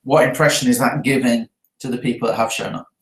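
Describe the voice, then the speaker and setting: A man's voice: medium pitch, steady tone, quick pace, reverberant, rough recording. A man who trains network marketers, talking through his event notes earnestly and often checking in with his listeners. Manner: earnest, checks in with a frequent tag question.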